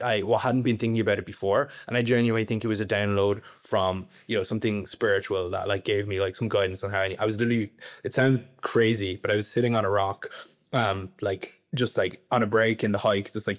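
A young Irish man in his twenties, a podcast guest rambling in casual conversation with lots of filler words. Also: lowish voice. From Ireland.

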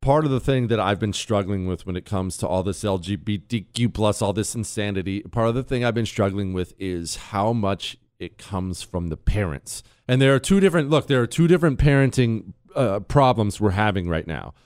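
A male talk show host giving opinionated commentary in an animated, sarcastic way, bantering with his producer. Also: on the low side, normal speed, hardly any pauses, smooth, no echo.

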